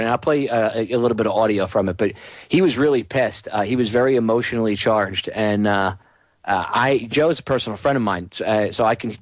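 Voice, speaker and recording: A man's voice: fairly low pitch, dry recording. A man hosting a talk radio show, delivering a heated, sarcastic monologue.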